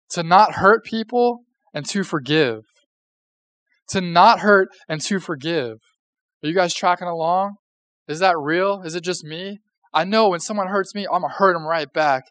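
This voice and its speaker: A young man gives a casual sermon from a church stage, talking to his listeners as if in conversation and dropping jokes and questions. His voice sits on the higher side. The sound is dry and close, with little room echo. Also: animated, a little slow, a bit bright. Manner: conversational, joking, asks the audience questions. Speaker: pastor.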